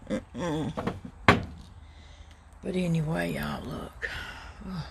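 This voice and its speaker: A middle-aged Southern US woman chats casually with her thrift-shopping vlog viewers, drawling and calling them y'all. Her voice sits low and creaky with a darkish tone, and she speaks extremely slowly. There's a little hiss or hum in the recording.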